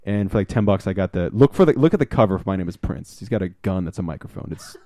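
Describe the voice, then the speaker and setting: A man co-hosting a podcast, telling a rambling, excitable anecdote in casual chat and swearing now and then. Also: low-pitched, fast, dry recording. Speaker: podcast co-host.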